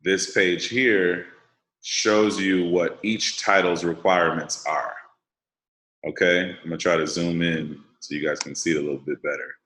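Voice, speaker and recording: Low-voiced guy running a team training over video call, laid back, checks everyone's following, echoey room. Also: steady tone, unhurried, fairly bright tone. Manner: casual, explains step by step, checks the group understands. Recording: roomy echo.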